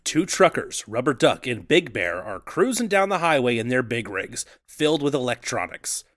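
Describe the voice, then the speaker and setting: A man chats casually as a podcast co-host, laughing easily between lines. His pitch moves a lot as he jokes around. The sound is dry and close-miked. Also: sing-song, normal speed, fairly bright tone, dry recording. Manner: laughing, easygoing banter. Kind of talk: casual comedy chat.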